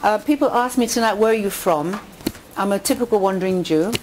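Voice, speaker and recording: Speaking a little fast, a lively English storyteller addresses a women's audience in a community hall before a live crowd. Her inspirational talk mixes jokes and stories, and her pitch lifts on quotes and punchlines. Background noise is audible.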